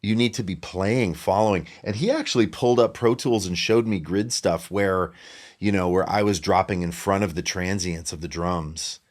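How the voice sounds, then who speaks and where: Deep-voiced man in relaxed chat. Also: moderate pace. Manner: relaxed, thoughtful, with short agreeing replies. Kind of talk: casual chat.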